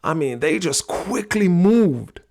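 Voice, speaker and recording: A middle-aged man hosting a talk on personality types, telling a story in an animated way. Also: high-pitched, slow. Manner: animated storyteller, acts out quoted voices. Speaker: podcast host teaching personality types.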